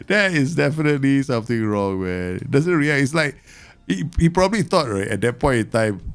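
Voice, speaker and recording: A man commentating live on a football management game, excitable and teasing, bursting into exclamations. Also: mid-range voice, normal speed, hardly any pauses, faint music behind.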